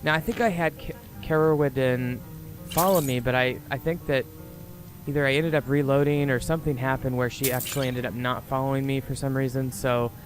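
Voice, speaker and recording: A man's voice: mid-range voice, fairly even intonation, a little fast. A man giving casual, rambling commentary on a video game he is playing, with lots of fillers. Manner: chatty, rambling, with frequent fillers. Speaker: let's player. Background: game music.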